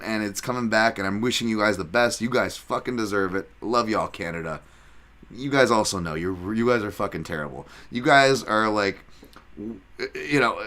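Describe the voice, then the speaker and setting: A man's voice: medium pitch, a bit bright. A man hosting a podcast, breaking down fights in rambling, profane chat with self-mocking asides. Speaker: podcast host and fight analyst.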